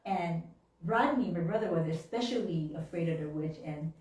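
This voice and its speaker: A woman telling childhood stories during a sermon, animated and laughing often, acting out little voices along the way. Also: fairly low pitch, moderate pace. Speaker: minister. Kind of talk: storytelling sermon. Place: church hall. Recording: very echoey room, mic at a distance.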